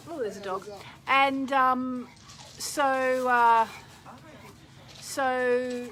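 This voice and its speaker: A woman's voice: fairly high pitch, a bit bright, slight background noise, rough recording. A middle-aged woman hosting a casual live stream, chatting in a rambling way and reading out viewer comments.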